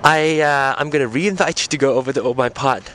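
Speaking briskly in a mid-range, fairly bright voice, a podcast host rambles and corrects himself while walking outdoors out of breath, then continues in a car. A microphone on a portable music player captures him, with a little hiss or hum.

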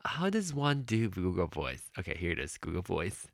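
A man's voice: low voice, moderate pace, creaky, dry recording, clean studio sound. A man hosting his own podcast in casual solo chat, rambling and apologetic, often stopping himself mid-sentence with fillers. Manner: chatty and animated. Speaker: podcast host.

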